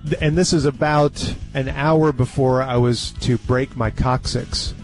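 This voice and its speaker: A man in his forties spins a long anecdote in relaxed talk-show chat. He tells it with animation and breaks into laughter often. Faint music sits under his voice. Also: medium pitch, a little slow. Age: 40s. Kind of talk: casual storytelling chat.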